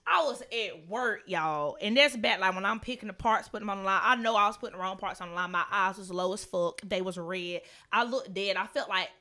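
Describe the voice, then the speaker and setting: A young woman co-hosting a podcast, telling a wild story in casual, profane chat with bursts of loud laughter. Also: medium pitch, fairly quick, hardly any pauses. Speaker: podcast co-host.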